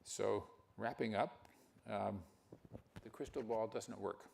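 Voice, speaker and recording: An older man giving a conference talk, speaking haltingly with many fillers and restarts. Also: lowish voice, fairly even intonation, creaky, darkish tone, slight background noise. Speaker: keynote speaker.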